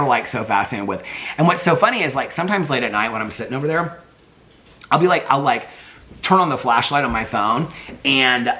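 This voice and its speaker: Chatty man with a bright, animated voice. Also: medium pitch, a little hiss or hum. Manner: chatty, rambling, baby-talks to his dogs. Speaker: vlogger. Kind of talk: casual chat. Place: home.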